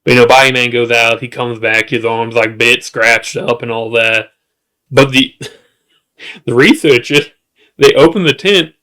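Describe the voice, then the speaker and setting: A man casually recapping a show's season with jokes, asides and restarts. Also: fairly bright tone. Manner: rambling, jokey, with asides and restarts; works up into high-pitched exasperation. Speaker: show reviewer.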